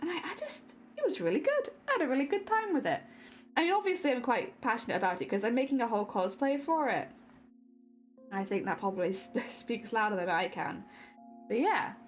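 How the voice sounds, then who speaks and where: A woman's voice: on the high side, very animated, a little fast, soft background music. A young woman streaming, chatting casually with her audience, laughing often and trailing off mid-thought.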